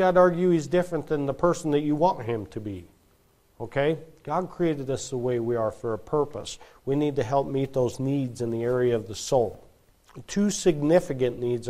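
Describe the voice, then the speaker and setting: A man in his thirties preaching a sermon, telling stories with lively delivery and acting out quoted voices. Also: mid-range voice. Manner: animated storytelling, acts out quoted voices. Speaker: pastor.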